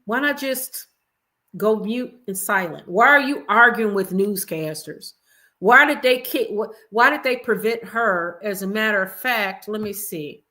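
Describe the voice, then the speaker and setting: A woman hosting an evening livestream, giving chatty, expressive commentary and talking straight to her viewers. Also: mid-range voice, unhurried. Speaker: livestream host. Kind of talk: casual commentary chat.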